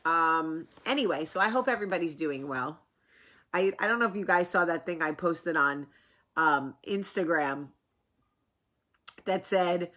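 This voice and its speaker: Woman, vlog host, rambling casual chat, sore swollen face, bright lowish voice. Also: measured pace, pauses often. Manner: chatty, rambling, animated asides. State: sore, swollen face after dental work.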